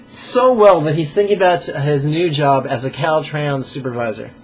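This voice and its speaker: A man leading a pronunciation drill as a meditation teacher, playful and joking, sounding out syllables slowly and carefully. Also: fairly high pitch, a little hiss or hum. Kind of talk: pronunciation drill in a live lesson.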